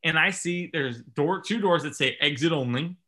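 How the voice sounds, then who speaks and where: Man, casual storyteller, lively quoted voices, bright and forceful tone. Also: a little high, normal speed. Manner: animated, self-mocking storyteller acting out quotes.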